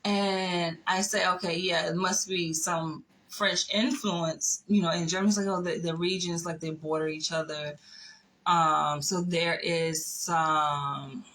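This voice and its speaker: A woman's voice: fairly low pitch, steady tone, measured pace, a bit bright, rough recording. A woman casually telling a personal story, chatty, with laughs, asides and the odd whisper. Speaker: vlogger.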